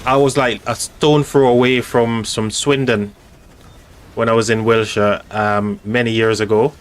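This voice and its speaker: At a measured pace and with little pitch movement, a man with a mid-range voice hosts a laid-back stream commenting on a strategy game. He rambles, speaks directly to chat, and uses many fillers and restarts.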